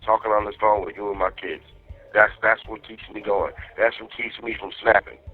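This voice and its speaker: A man's voice: lowish voice, fairly even intonation, fairly quick. Angry man on a tinny jail phone. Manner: angry, profane venting. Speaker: inmate on a jail phone call. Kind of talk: phone call to his wife. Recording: tinny jail phone line, faint music.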